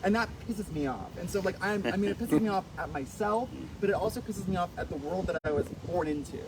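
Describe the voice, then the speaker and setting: A man talking as a guest author at a live event, in a chatty, animated way with many fillers and easy laughter. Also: high voice, quick pace. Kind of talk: casual conversation on stage. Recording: noisy live event audio.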